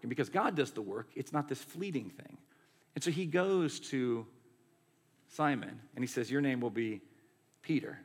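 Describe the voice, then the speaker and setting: A man delivers a sermon in a loose, chatty preaching style. His voice carries a gravelly edge at a mid pitch. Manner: conversational, animated preaching with many "like" and "right". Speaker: pastor.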